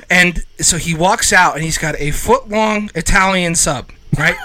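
Podcast guy telling a wild story, high and really bright voice, swears a lot. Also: a little slow, slight background noise, low-quality recording. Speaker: podcast co-host. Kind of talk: casual storytelling chat.

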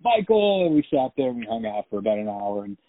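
A man, an actor, telling lively anecdotes and laughing often in a phone interview. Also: lowish voice, fast, no room sound. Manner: chatty storyteller, laughs often. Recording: tinny dry phone line.

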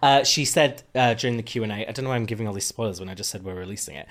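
A man's voice: on the low side, rapid-fire, fairly bright tone. A man co-hosting a podcast, chatting casually with sarcastic, rambling jokes. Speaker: podcast co-host. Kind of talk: casual recap chat.

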